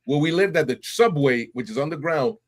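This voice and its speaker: A middle-aged man from New York, a podcast guest telling his stories in casual, animated talk, often laughing and acting out voices. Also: a little high, brisk. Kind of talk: casual interview storytelling.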